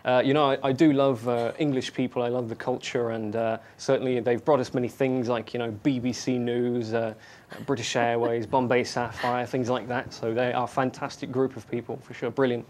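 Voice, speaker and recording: A polite, effusive English gentleman, brisk and posh in his praise, as a man puts him on. Quick delivery, every line glowing. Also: mid-range voice, little pitch movement, slight background noise, close to an everyday voice.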